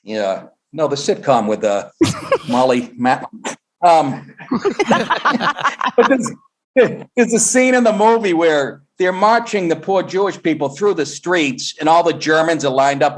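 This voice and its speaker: A middle-aged comedian telling stories on a podcast, animated and profane, acting out the people he quotes. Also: a little high, a little slow. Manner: animated storyteller, swears, acts out quotes. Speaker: guest comedian. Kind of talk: casual podcast chat.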